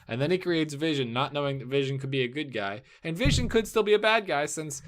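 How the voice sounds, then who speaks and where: A man's voice: a little high, animated, fast. A man co-hosting a casual movie podcast, joking and arguing playfully. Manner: joking, argumentative, laughs often. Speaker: podcast co-host. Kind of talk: casual chat.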